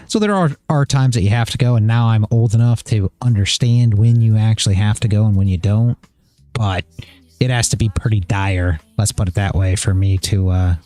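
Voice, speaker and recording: A man's voice: lowish voice, mellow. A man hosting a live stream, chatting casually and rambling through a personal story with many restarts. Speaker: livestream host.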